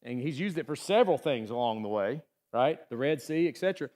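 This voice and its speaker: A man's voice: mid-range voice, animated, brisk, darkish tone. A man preaching a sermon in a conversational way, often checking in with the congregation and acting out the voices in the story. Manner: conversational, asks the room "right?" often; acts out quoted voices. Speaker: pastor. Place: church.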